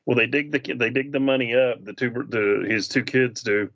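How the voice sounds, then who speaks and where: A man's voice: medium pitch, fairly quick, fairly bright tone. A man chatting casually in a film review, retelling scenes and acting out the characters' lines. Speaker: movie reviewer. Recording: dull lo-fi sound.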